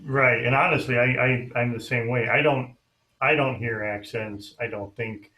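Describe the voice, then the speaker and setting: A man's voice: medium pitch, fairly even intonation, moderate pace, sharp tone, poor audio. Hesitant male interview host. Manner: hesitant, with repeated restarts. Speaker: host and editor. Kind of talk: casual interview chat.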